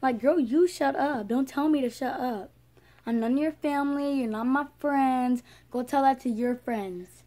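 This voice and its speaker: A woman's voice: high voice, normal speed, mellow. A female vlogger ranting casually to her viewers, rambling and indignant. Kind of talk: casual vlog rant.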